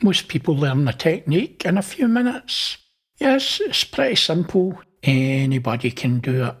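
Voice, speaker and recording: A man's voice: a little high, animated, normal speed, husky. A man hosting, casually talking through images and pointing things out. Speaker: host. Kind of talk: casual narration over images.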